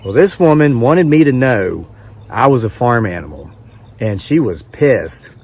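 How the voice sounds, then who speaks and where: A man in his forties from West Virginia tells a story outdoors at an unhurried, rambling pace. He chuckles often and pokes fun at himself, and his voice sits at an everyday middle pitch. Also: very animated, a little mellow. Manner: chuckling, easygoing, self-mocking. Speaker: homesteading vlogger.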